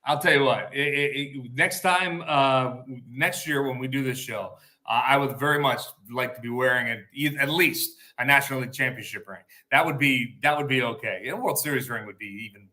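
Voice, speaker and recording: Bright-voiced sports radio co-host. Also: male voice, mid-range voice, a little fast. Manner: confident, steady, hesitant fillers.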